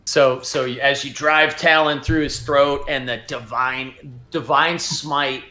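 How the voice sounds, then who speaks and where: A man's voice: medium pitch, steady tone, unhurried, pushed and bright, faint music behind. A man narrating as game master of a tabletop game, describing scenes in a casual way with fillers.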